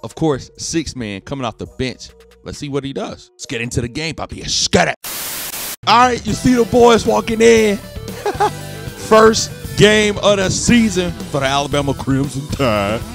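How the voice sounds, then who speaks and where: A man's voice: a little high, normal speed, vocal fry. Hyped young man calling a basketball game. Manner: hyped, hollers and laughs at big plays; casual slangy talk. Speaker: gaming YouTuber. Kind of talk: excited gameplay commentary. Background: game music.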